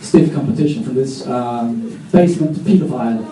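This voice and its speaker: A man doing a live stand-up set on a comedy club stage, rambling with self-mocking, deadpan asides. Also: mid-range voice, moderate pace. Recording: echoey club, distant mic, audience.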